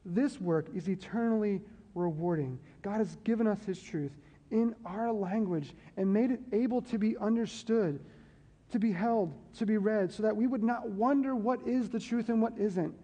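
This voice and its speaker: A man's voice: high voice, normal speed, mellow. A man preaching a sermon to his church in a conversational way, repeating key phrases and checking in with the congregation. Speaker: pastor. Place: church sanctuary. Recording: long hall reverb.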